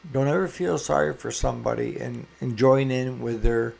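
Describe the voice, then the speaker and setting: A man's voice: mid-range voice, steady tone, moderate pace, vocal fry, a little mellow, husky. A man who owns a small engine repair shop, talking casually to camera and giving earnest, folksy advice.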